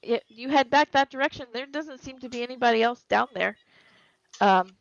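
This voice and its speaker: A woman's voice: on the high side, normal speed, vocal fry, dry recording. A woman narrating as game master of a tabletop game, hesitant with many fillers, on a dry lo-fi recording.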